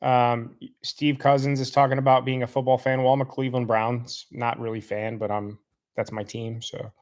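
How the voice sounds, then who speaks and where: A man's voice: mid-range voice, flat delivery, normal speed, darkish tone. A man hosting a live stream, greeting chat viewers and then angrily calling out a commenter in a rambling, repetitive way. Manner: rambling, heated call-out with repeated insults. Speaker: host reading live chat.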